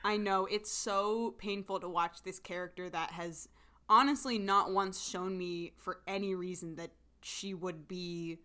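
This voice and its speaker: A woman's voice: on the low side, fairly even intonation, unhurried, pushed and bright. A woman co-hosting a podcast, talking through a drama in casual, emphatic chat full of fillers. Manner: chatty, many fillers, emphatic. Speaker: podcast co-host.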